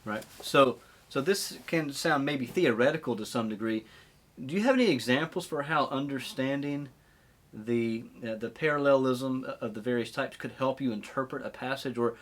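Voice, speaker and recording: A man's voice: medium pitch, normal speed. A male podcast host interviewing a guest, framing his questions hesitantly with restarts.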